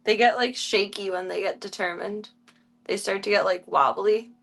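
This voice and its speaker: A woman streaming casually, chatting to viewers and cooing baby talk to tiny animals in a soft, playful way. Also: medium pitch, steady tone, normal speed, vocal fry. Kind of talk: casual live-stream chat.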